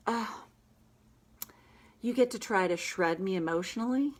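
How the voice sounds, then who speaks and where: Woman slowly leading a tapping session. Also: mid-range voice. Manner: slow, emphatic affirmations. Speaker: tapping practitioner.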